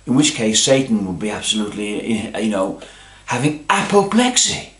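A man's voice: fairly low pitch, a little fast, roomy sound. A man telling a long-winded, pompous comic story, forever adding little asides. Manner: long-winded, pompous, constantly adding "you see" and "you know". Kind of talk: rambling comic monologue.

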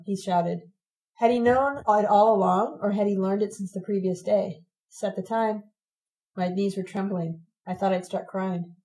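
A woman reading a first-person story told in letters, in a steady, plain storytelling manner. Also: medium pitch, normal speed, low-quality recording. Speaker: audiobook reader.

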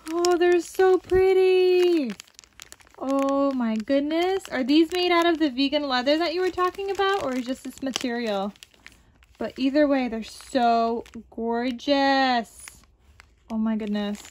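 A woman hosting a crafting vlog, gushing and exclaiming often as she unboxes supplies. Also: high voice. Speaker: crafting channel host.

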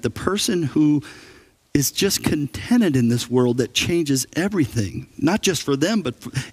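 A man preaching a sermon as pastor, telling stories with humor and lively emphasis. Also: a little high. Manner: animated storytelling with humor. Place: church sanctuary.

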